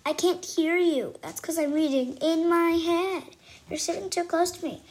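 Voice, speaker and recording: A woman voicing an excitable, dramatic little girl with bubbly, insistent outbursts, read aloud from a storybook. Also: very high voice, moderate pace, a little hiss or hum, pitched above the performer's own voice. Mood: bossy.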